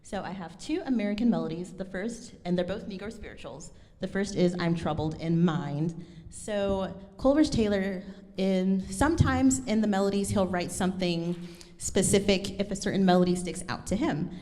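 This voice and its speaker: A woman's voice: medium pitch, moderate pace, mellow, long reverb tail. A woman giving a lecture recital, speaking thoughtfully and correcting herself with frequent ums. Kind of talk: lecture presentation.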